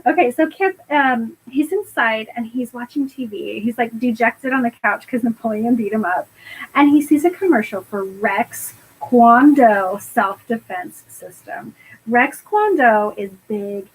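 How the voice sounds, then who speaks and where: A woman's voice: on the high side, a little slow, breathy edge, low-quality recording. A woman co-hosting a podcast, recapping a film in casual chat, laughing often and quoting characters in passing. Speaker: podcast co-host.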